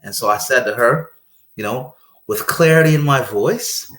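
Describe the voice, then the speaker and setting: A man's voice: medium pitch, moderate pace, fairly bright tone. A man being interviewed on a podcast as a paramedic guest, telling a story animatedly, repeating phrases for emphasis and speaking in a faith-centered way. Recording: roomy echo.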